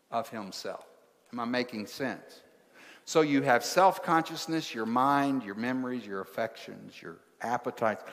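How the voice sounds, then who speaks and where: A man preaching a sermon as pastor, speaking in short rhythmic phrases and putting questions to his congregation. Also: mid-range voice. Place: church sanctuary. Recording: large hall with long reverb.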